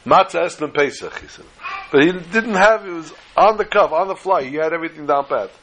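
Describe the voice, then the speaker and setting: A man's voice: on the high side, brisk, a bit bright, slight background noise, rough recording. A man telling a folk tale in a chatty, digressive way, sprinkling in Yiddish phrases and asides. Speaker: storyteller. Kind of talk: folksy storytelling with Yiddish phrases.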